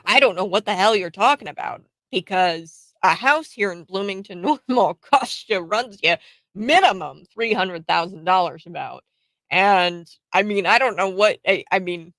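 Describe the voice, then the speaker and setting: Gravelly blunt woman host. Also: on the low side, a bit bright, dry recording. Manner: blunt, sarcastic, laughs between points. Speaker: political commentary host. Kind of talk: casual political commentary.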